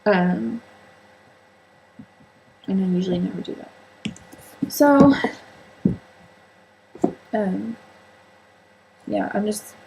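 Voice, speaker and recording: Chatty, rambling woman with a creaky voice. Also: medium pitch, warm tone, a little hiss or hum, rough recording. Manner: chatty, rambling, self-mocking, many fillers. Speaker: book and sewing vlogger. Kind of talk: casual solo vlog chat.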